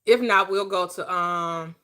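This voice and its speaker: A woman's voice: fairly low pitch, unhurried, bright, forceful tone. A woman hosting a casual online panel chat, blunt, teasing and preachy. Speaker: host.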